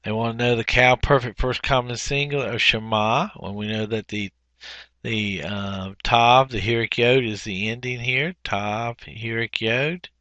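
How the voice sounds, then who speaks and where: A man working through a language workbook as a teacher, explaining each answer slowly with frequent fillers and self-corrections. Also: medium pitch, fairly even intonation, pushed and bright, dry recording, highs cut off. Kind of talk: workbook walkthrough lesson.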